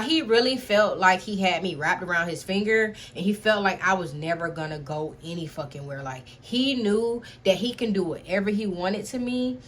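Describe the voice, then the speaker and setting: A young woman telling a personal story to camera in a casual vlog, animated, talking straight to her viewers with a constant "y'all" and swearing freely. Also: mid-range voice, a little hiss or hum. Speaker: storytime vlogger.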